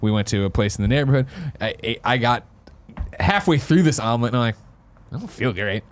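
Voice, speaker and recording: Lively fast man joking on a podcast. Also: mid-range voice. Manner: quick interjections, joking. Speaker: podcast co-host. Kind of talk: casual chat.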